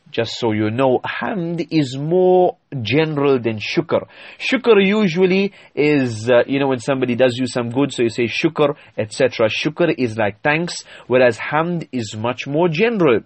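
A man's voice: mid-range voice, measured pace, no echo. A man giving an Islamic sermon, explaining terms in an emphatic, teaching manner with frequent hesitations. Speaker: Islamic preacher.

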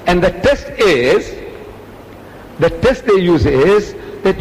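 A male preacher speaks in a fairly high, very lively voice that swoops up and down as he acts out quoted exchanges and throws rhetorical questions at the crowd. He is recorded in a hall with a long echo and a faint ambient hum behind him. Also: slow, long pauses. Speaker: Islamic preacher. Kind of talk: public religious lecture.

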